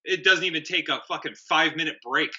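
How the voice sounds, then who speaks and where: A man's voice: on the high side, fast talker, bright, forceful tone, highs cut off. A man in his late thirties co-hosting a casual movie review chat, blunt and profane. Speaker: podcast co-host.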